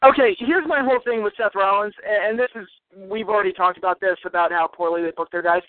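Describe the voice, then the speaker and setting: High, lively, fed-up man on phone-line audio. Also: quick pace, no echo. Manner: blunt, fed-up ranting. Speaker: podcast co-host. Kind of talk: casual wrestling chat. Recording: dry, phone-like narrow sound.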